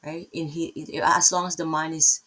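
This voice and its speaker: Woman, low voice, husky, Bible teacher, rambling, asks "right?". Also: little pitch movement, moderate pace, fairly bright tone, rough recording. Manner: rambling, many ums and tag questions.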